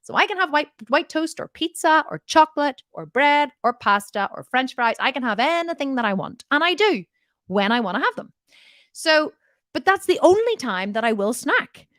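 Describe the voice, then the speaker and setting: A woman's voice: high-pitched, big pitch swings, moderate pace, a bit bright, dry recording, clean studio sound. A woman diet coach answering viewer questions in a live Q&A, blunt and direct, often laughing and swearing jokingly.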